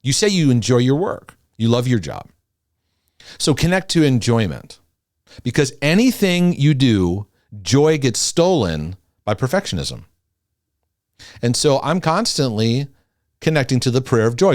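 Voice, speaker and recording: A middle-aged man teaching casually about faith and mental health, dropping soft and low when he confides. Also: measured pace, pauses often, no room sound, clean studio sound. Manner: animated, drops soft and low when confiding, talks to God aloud.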